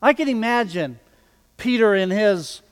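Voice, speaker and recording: A man preaching a sermon, slow and deliberate, who acts out the quoted dialogue with rising intensity. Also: high voice, animated, clear, resonant tone, long reverb tail.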